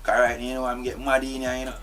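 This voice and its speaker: A man's voice: mid-range voice, completely flat delivery, rapid-fire, music in the background, lightly acted. An actor with a Jamaican accent playing a tied-up man who pleads and argues with his captor, filling his talk with "you know". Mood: pleading, agitated. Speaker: actor in a film. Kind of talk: film dialogue.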